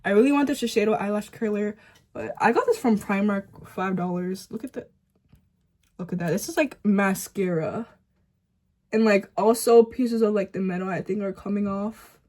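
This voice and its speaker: A woman's voice: mid-range voice, normal speed, a little mellow. Chatty teenage girl doing her makeup. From Boston area, US. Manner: chatty, rambling, full of "like" and "um". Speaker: beauty vlogger. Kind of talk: casual chat while doing makeup. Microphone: phone camera at close range.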